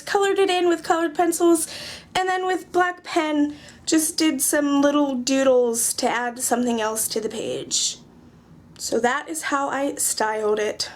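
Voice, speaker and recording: A woman's voice: high-pitched, a little hiss or hum. A young woman casually chatting through her journal pages in a vlog, joking at herself with dry sarcasm. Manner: chatty, self-mocking, sarcastic jokes. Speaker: craft journaling vlogger. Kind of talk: casual chat.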